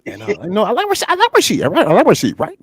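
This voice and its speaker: A man's voice: high-pitched, huge pitch swings, rapid-fire, voice pushed up. A man doing a chummy, evasive football coach. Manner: chummy greetings, dodges questions, repeats stock phrases.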